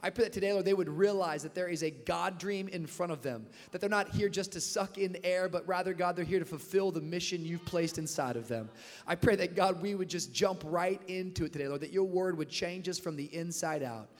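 Young male pastor, high-pitched, animated sermon storyteller in a reverberant hall. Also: brisk. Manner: energetic storytelling, rising to shouts. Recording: long reverb of a large hall.

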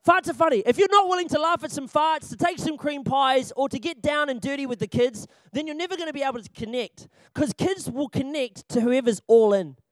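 A young man with a strikingly high voice gives a church training talk on children's ministry. He is jokey and animated, laughs often and hammers his points home by repeating them. The recording is dry and close, with no room sound. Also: brisk, hardly any pauses, no echo. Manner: repeats key points for emphasis.

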